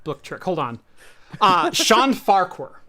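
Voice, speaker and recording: A man's voice: high-pitched, very animated, measured pace, a crowd in the background. A man co-hosting a podcast in casual chat, telling a long story in a rambling way and acting out the quoted voices. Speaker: podcast co-host.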